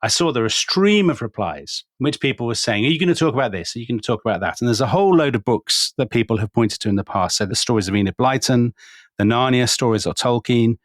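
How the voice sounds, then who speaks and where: A man co-hosting a podcast in casual chat. He talks quickly at length and makes fun of himself now and then. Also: medium pitch, expressive, no room sound, clean studio sound. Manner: quick, wordy, self-deprecating. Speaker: podcast co-host and author.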